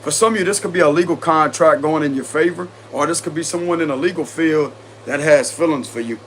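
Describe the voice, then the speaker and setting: A man's voice: on the high side, brisk, a bit bright, a little hiss or hum. A man with a Cajun accent doing a casual tarot reading, chatty and confident, often repeating himself. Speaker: tarot reader.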